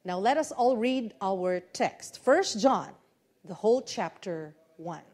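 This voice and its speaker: A woman pastor with a Filipino Cebuano accent, preaching a sermon that switches between English and Cebuano. She swells into loud, emphatic lines and then drops back quietly. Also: medium pitch, expressive, slow pace.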